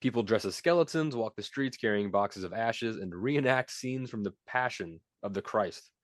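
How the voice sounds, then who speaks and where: Young male podcast host, teasing quiz-master delivery, lively pitch, dry close sound. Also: no room sound. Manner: playful, teasing, reads quiz questions quickly. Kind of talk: casual podcast chat.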